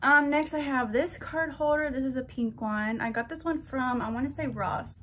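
A chatty young woman talks through her hauls and collections with a slightly high, bubbly voice. She gushes over each item and speaks straight to her viewers. A faint hum of room noise sits behind her. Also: moderate pace, a bit bright. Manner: chatty, gushing, addresses viewers as girlies. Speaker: vlogger. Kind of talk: casual haul vlog.

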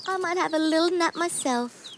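Woman kids' presenter, high lively sing-song, slow delivery. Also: background noise. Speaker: children's TV presenter. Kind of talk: singing children's show. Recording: loud music bed.

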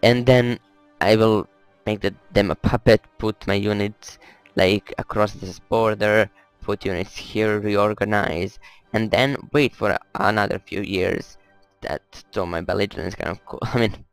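Gravelly man rambling over strategy gameplay. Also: lowish voice, fairly even intonation, unhurried, no room sound, soft background music, rough recording. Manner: rambling, muttering, swears at the game. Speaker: gameplay commentator. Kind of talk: casual let's-play commentary.

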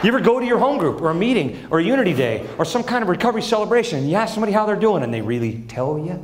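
A middle-aged man performing a stand-up comedy set on a large theater stage, telling stories with lively energy and acting out his family's voices. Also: high voice, racing. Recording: echoey live theater with audience.

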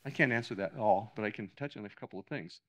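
A man's voice: on the low side, quick pace, fairly bright tone. An older man lecturing to a live audience in a hall, talking emphatically with frequent restarts and self-corrections. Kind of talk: public lecture.

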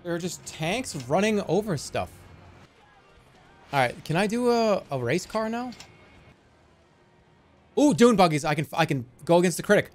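Animated, incredulous male streamer. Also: high voice, moderate pace, pauses often, faint music behind. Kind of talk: casual gameplay commentary.

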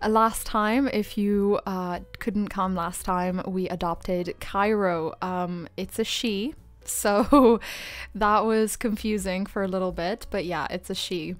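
A woman streaming a life-sim game, gushing and giggling, close to tears with excitement. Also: mid-range voice, takes it slowly, dry recording. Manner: giggly, gushing, laughs often. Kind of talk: excited livestream chat.

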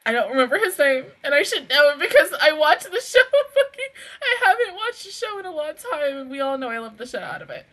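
A woman hosting a casual anime reaction review, excitable and swearing a lot, breaking into laughter often. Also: high-pitched, a little fast.

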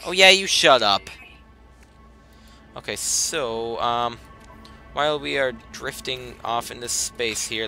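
A man giving casual let's play commentary, breaking into excited outbursts and complaints, then muttering to himself while sorting gear. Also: mid-range voice. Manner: self-talk, mutters and trails off while managing inventory. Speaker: gaming commentator. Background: game music.

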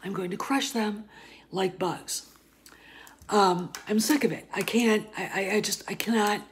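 A woman vlogger ranting in casual, profane commentary, dropping to murmurs and then flaring up loud. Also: mid-range voice, a little slow.

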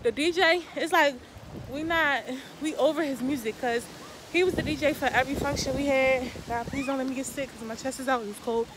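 Young woman vlogger, slangy, laid-back, higher voice, noisy phone audio outdoors. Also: brisk. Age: young adult. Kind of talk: casual vlog chat. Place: outdoors on a college campus at night.

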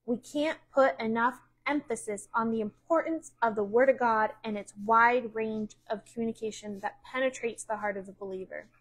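Woman pastor, middle-aged, from the US, slightly high voice, reads then explains. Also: normal speed, few pauses, rough recording. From United States. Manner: reads aloud then explains with repeated restarts. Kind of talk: sermon teaching, reading from a book.

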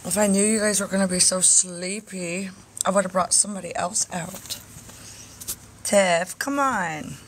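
Slow, soft-spoken woman coaxing pets. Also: lowish voice, slight background noise. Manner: soft, coaxing baby talk to animals. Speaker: chinchilla breeder streaming live. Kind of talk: casual live stream talking to pets and viewers.

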